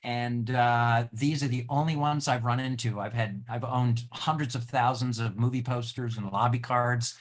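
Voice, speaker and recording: A man presenting items on a video call, halting and loose, with lots of fillers. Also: mid-range voice, fairly even intonation. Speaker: show-and-tell presenter.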